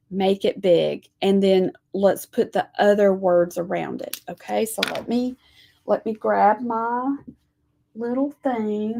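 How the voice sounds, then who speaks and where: A woman teaching a live lettering lesson, talking gently to viewers as she draws and reads scripture. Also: medium pitch, vocal fry. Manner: slow, gentle, talks to viewers while drawing.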